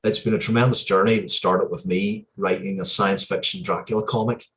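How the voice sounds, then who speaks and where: Deep-voiced man, earnest and heartfelt. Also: steady tone, fairly quick, fairly bright tone. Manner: earnest, heartfelt, with frequent hesitations and restarts. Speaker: interview guest, comic book writer. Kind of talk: casual interview storytelling.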